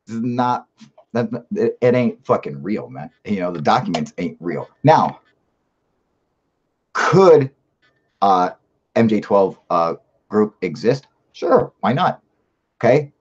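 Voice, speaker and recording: A man with a fairly low voice talks loosely and at length as a live-stream host. He rambles, swears freely and pushes his points hard while answering comments. The sound is muffled and lo-fi. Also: sing-song, slow pace, long pauses, a little mellow, breathy edge. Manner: profane, rambling, emphatic. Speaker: live-stream host reading viewer chat. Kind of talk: casual live-stream chat.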